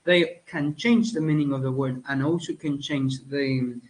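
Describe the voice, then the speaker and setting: A man from Spain teaching a lesson, with many fillers, pauses and self-corrections. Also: mid-range voice, steady tone, poor audio. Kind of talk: spoken lecture.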